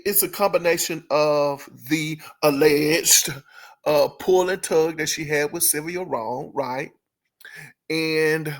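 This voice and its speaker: Creaky and on the high side, this man's voice carries a casual commentary channel about entertainment. He's chatty, leans on fillers, keeps correcting himself, and laughs in amusement a lot.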